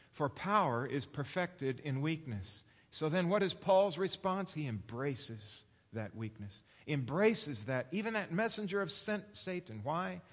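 A man preaching a sermon, asking the listeners questions and slowing down to read scripture aloud. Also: medium pitch, long reverb tail. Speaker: pastor.

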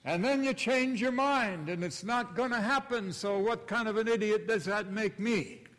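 Indignant ranting prophet, pitched up and loud , as a preacher plays him, long hall reverb. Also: male voice, moderate pace. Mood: furious. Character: indignant angry male prophet, self-righteous.

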